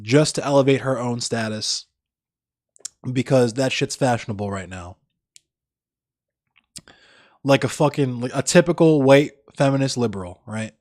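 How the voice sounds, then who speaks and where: A man's voice: medium pitch, dry recording, studio quality. A young American man chatting casually with live-stream viewers in a blunt, rambling, heavily profane way. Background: faint music.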